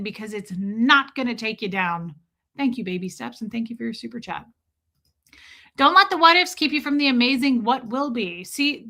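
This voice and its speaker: A woman's voice: on the high side, fairly bright tone. A woman hosting a casual livestream, chatty and joking, with sarcastic asides and lots of "like". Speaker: livestream host. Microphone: streaming microphone.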